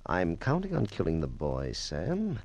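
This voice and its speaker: A man's voice: deep voice, huge pitch swings, measured pace, a little mellow, no room sound, full character voice. A man playing a scheming villain with a put-on French accent in a 1950s radio drama, oily and menacing. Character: scheming villain Duke with a fake French manner.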